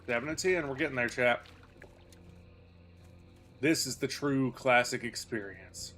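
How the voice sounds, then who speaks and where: A man's voice: medium pitch, a little slow, fairly bright tone, faint music behind. Rambling, chatty male game streamer. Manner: rambling, chatty, self-deprecating asides. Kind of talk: casual chat while playing.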